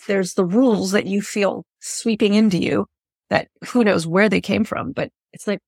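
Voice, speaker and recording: A woman's voice: medium pitch, fairly even intonation, fairly quick, gravelly, husky, no room sound, clean studio sound. A woman hosting an interview podcast, chatting in an earnest, effusive way and thinking aloud as she goes. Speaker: podcast host. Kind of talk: reflective interview chat.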